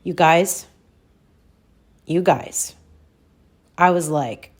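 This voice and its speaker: Woman in her 40s, podcast host, storytelling solo, lower voice, unhurried. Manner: animated, addresses listeners as "you guys", acts out her reactions. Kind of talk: personal storytelling monologue.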